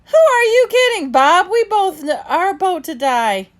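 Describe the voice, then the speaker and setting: A woman's voice: a little high, big pitch swings, moderate pace. A woman voicing a bossy, tough young female dog who talks back to her brother in a storybook reading. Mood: defiant. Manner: sassy, scrappy, defiant.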